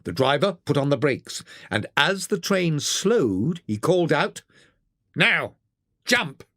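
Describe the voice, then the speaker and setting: An audiobook narrator reading a classic children's story in an expressive, theatrical way. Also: mid-range voice, unhurried, dry recording, clean studio sound.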